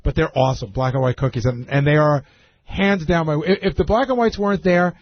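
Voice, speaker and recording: A man's voice: fairly high pitch, brisk. A man talking casually on a radio show, rambling and restarting his sentences. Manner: rambling, self-correcting, laughs often. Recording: dull lo-fi radio broadcast.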